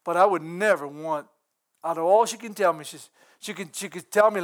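A man with a high voice preaches in a folksy, earnest way. He is middle-aged and breaks into chuckles as he talks. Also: a little fast. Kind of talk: sermon.

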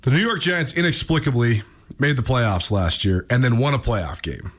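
Animated male sports radio host. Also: medium pitch, normal speed. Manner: animated storyteller who laughs often. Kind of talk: casual radio chat.

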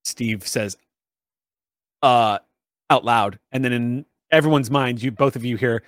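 A man's voice: medium pitch, steady tone, unhurried, long pauses, no room sound, studio quality. A man narrating a tabletop role-playing game as game master, hesitant with restarts and chuckles.

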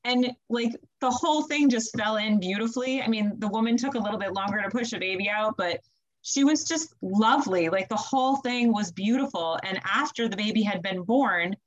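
Animated woman telling a birth story. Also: medium pitch, brisk, highs cut off. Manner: animated, laughs often, acts out quotes with her voice. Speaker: student midwife, guest. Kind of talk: casual storytelling in a podcast interview.

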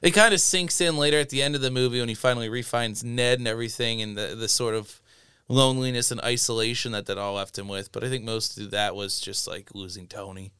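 A man co-hosting a casual podcast chat, animated and quick to laugh, retelling scenes and breaking into freestyle rap. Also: medium pitch, clear, resonant tone, no echo, clean studio sound. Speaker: podcast co-host.

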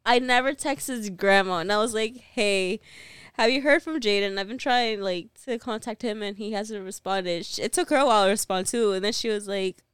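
Young woman telling a story, smooth voice. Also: mid-range voice, moderate pace, no echo, clean studio sound. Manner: animated retelling, laughs often, acts out quoted lines. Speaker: podcast co-host. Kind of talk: casual storytelling chat.

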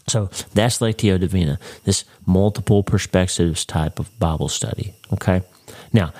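A man with a deep, slightly mellow voice hosts a faith podcast, leading a Bible study in an earnest, conversational way. In this devotional teaching he puts direct questions to the listener.

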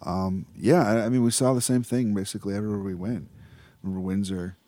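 A man from Michigan, a filmmaker guest on a podcast, soft-spoken and hesitant with fillers. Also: fairly low pitch, steady tone, quick pace, no room sound.

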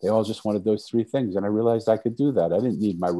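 Deep, mellow-voiced man telling stories. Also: fast talker, rough recording. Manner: earnest, repetitive restarts, soft-spoken. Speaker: podcast guest. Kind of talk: storytelling in conversation.

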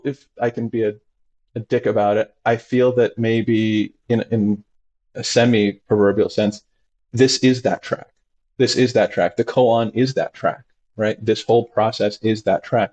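A man, a doctor as interview guest, talking expressively and acting out his patients' voices with big jumps in pitch. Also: measured pace, a little mellow, lo-fi sound. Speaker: integrative medicine doctor, guest. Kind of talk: animated conversational interview.

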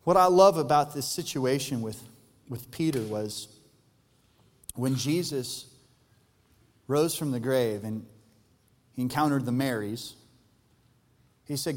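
A man pastor delivering an Easter sermon, earnest and emphatic, rising to loud peaks and dropping soft for tender lines. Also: mid-range voice, takes it slowly, long pauses. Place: large church hall. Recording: live church hall with long reverb and soft music.

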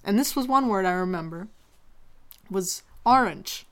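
A woman's voice: medium pitch, expressive, unhurried, fairly bright tone. A young woman from Pennsylvania co-hosting a podcast in casual chat, laughing often and playfully repeating words. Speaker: podcast co-host.

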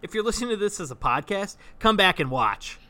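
A man's voice: sits high, very animated, brisk, bright, forceful tone. A man co-hosting a casual podcast chat about improv, enthusiastic and full of restarts. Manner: chatty, enthusiastic, restarts often. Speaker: podcast co-host.

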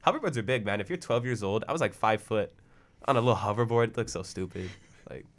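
A young man on a casual podcast, joking and telling animated stories. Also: fairly low pitch, fast talker. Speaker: podcast co-host. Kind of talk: casual chat.

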